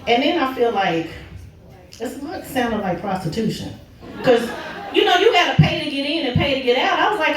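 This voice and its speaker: A stand-up comedian from Oklahoma, telling animated stories about her kids. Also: measured pace, long pauses, crowd noise. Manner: animated, jumps high in pitch for punchlines. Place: comedy club stage. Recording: echoey club from a distance.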